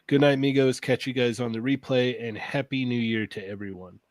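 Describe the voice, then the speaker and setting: A man's voice: medium pitch, fairly even intonation, a little fast, no room sound. A man co-hosting a livestream in a laid-back way, reading out viewer comments. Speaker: podcast co-host. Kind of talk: casual livestream chat.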